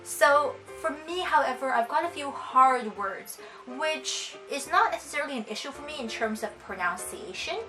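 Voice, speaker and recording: A woman's voice: high voice, expressive, moderate pace, over music, low-quality recording. A young woman from China with a Canadian accent and Cantonese as her first language, chatting casually as a vlogger and reading words out one at a time. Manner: chatty, reads a word list one word at a time. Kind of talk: casual chat.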